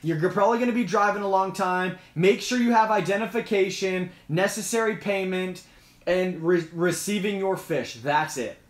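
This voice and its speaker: A man with a high voice hosts a casual live Q&A. He is chatty and emphatic and repeats his points as he explains them. The sound is echoey and roomy. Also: normal speed. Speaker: host.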